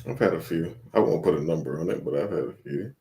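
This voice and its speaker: Low-voiced laid-back man telling stories. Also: animated, quick pace, vocal fry, warm tone, a little hiss or hum. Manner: laid-back storyteller, slangy and laughing often. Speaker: podcast co-host. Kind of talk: casual chat.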